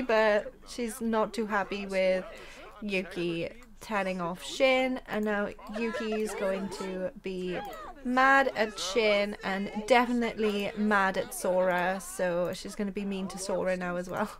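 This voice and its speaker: Chatty young woman narrating gameplay. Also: mid-range voice. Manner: chatty, laughs easily. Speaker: gaming channel host. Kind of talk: casual let's-play narration.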